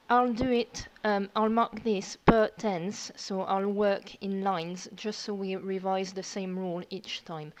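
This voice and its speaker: A woman's voice: mid-range voice, rough recording. A woman teacher, patiently explaining verb tenses step by step in a recorded lesson. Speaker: French teacher.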